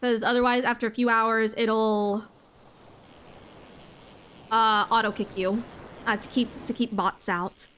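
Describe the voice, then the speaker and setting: Streaming a game, a young woman chats casually in a slightly high voice at an unhurried pace. She excites easily, gasping often and repeating her phrases, and there's a faint hiss or hum in the background.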